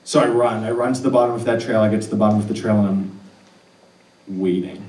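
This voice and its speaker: A man telling a true personal story live on stage, earnest and animated with laughing asides. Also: fairly low pitch, fast talker. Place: stage in an arts center hall. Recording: roomy hall audio picked up from a distance.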